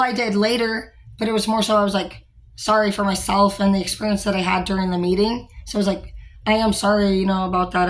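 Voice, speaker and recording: Rambling young woman in casual chat. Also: medium pitch. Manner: rambling, frank, with frequent fillers and mild swearing. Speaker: store manager.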